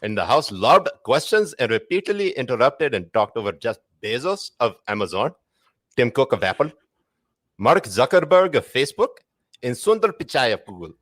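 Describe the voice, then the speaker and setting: A man's voice: mid-range voice, big pitch swings, moderate pace, fairly bright tone, no room sound, pitched above the performer's own voice. A man voicing a scolding Pakistani IT tech with a Pakistani accent, cursing and exasperated. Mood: reading. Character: old male Pakistani IT tech, scolding and hot-tempered.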